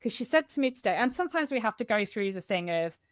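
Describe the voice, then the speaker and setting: A middle-aged woman from Kent, a guest in a candid podcast interview, telling stories in an animated, expressive way. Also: mid-range voice, fast talker, no echo, clean studio sound. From Kent, England.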